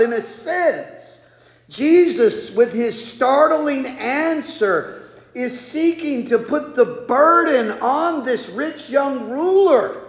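High-voiced man preaching in an echoey hall. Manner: folksy, joking asides, acts out quotes. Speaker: pastor. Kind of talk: sermon. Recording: echoey hall with long reverb.

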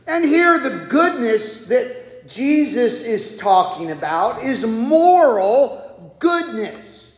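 A man's voice: very high voice, animated, takes it slowly. A man preaching a sermon in a folksy, joking way, acting out the people he quotes. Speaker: pastor. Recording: echoey hall with long reverb.

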